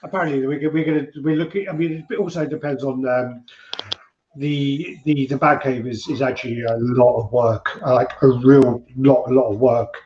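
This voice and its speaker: A man's voice: mid-range voice, steady tone, normal speed, background noise. A man co-hosting a casual livestream chat about collectibles. He rambles, swears and tells jokes. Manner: rambling, swearing, joke-telling. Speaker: co-host. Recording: muffled, roomy stream audio.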